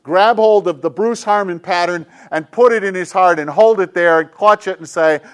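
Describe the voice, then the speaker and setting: A middle-aged male pastor preaching a sermon with an emphatic, repetitive cadence, dropping at times into soft, hushed tones. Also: high voice, normal speed, smooth. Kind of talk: sermon to a congregation with kids.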